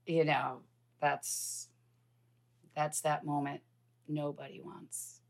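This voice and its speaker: A woman in her fifties telling a personal story in conversation, earnest and halting, with frequent restarts. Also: low voice, little pitch movement, vocal fry. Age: 50s. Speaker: guest.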